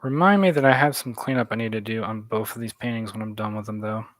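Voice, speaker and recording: A man's voice: lowish voice, fast talker, dry recording. A man streaming himself painting, thinking aloud in a casual, musing, hesitant way. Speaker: artist streaming his painting. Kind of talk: casual live-stream chat while painting.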